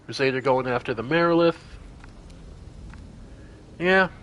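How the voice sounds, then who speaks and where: In casual gameplay commentary, a mid-range-voiced man plays a strategy role-playing game on stream, speaking each party member's turn aloud at a slightly slow pace. Animated exclamations punctuate his talk, with slight background noise behind him.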